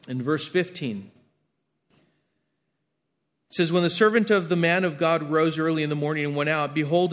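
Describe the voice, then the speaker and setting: A man preaching a sermon and reading scripture aloud, earnest, swinging between emphatic lines and hushed ones, often repeating his words. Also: a little high. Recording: long hall reverb.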